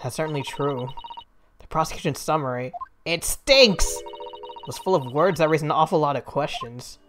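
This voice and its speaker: A woman's voice: sits low, lively intonation, moderate pace, background noise. A woman voicing an earnest young male defense lawyer in a courtroom game, polite and a little flustered.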